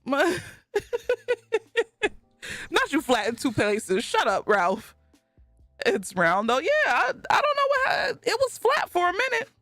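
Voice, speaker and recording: A woman on a live stream reads her chat aloud and answers it in a loose, casual way, laughing often. Her voice rises and falls a lot, and she talks at a slow, easy pace. The sound is dry and close, with faint music behind her. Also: very high-pitched, huge pitch swings, a bit bright, no echo.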